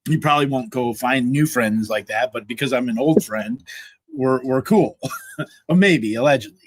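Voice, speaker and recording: A man's voice: mid-range voice, normal speed, no echo. A man hosting a casual livestream chat, easygoing and laughing often between words. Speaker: host.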